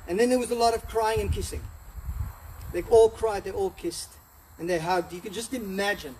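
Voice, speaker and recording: Casting: high-voiced male pastor, mellow tone, lively sermon delivery, heard from a distant mic in a church. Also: normal speed, slight background noise. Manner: animated, acts out the story in voices. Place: church hall.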